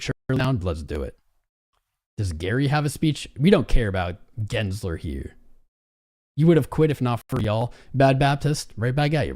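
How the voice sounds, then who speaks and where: A man hosting a live trading stream, hyping up his chat and reading viewer names one after another. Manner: hypes up chat, reads out viewer names rapidly; animated, swings between loud and low. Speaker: livestream host.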